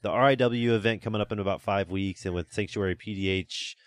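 Low voiced podcast host guy, laid back, asking questions, dry sound. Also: fast, dry recording. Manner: relaxed, leads with questions to co-hosts. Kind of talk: casual podcast chat.

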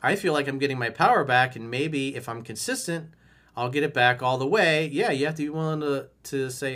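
A man's voice: mid-range voice, brisk, a bit bright. A man coaching viewers on their relationships, with a voice in the middle of the usual range. He talks bluntly and with swagger, swearing freely. He often acts out firm lines for the listener to repeat. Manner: blunt, emphatic, profane and swaggering, acting out lines to say. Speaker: dating coach. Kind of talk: video coaching, answering viewer emails.

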